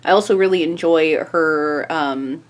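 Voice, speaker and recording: A woman's voice: low voice, unhurried. A young woman chatting casually in an upbeat book vlog, with fillers and small laughs. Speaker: book vlogger.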